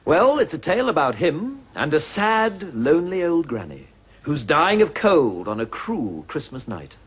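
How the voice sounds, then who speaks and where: A man's voice: a little high, very animated, unhurried, husky, full character voice. An actor playing a sardonic, scheming male butler with a dry, sneering delivery, in 1980s sitcom style.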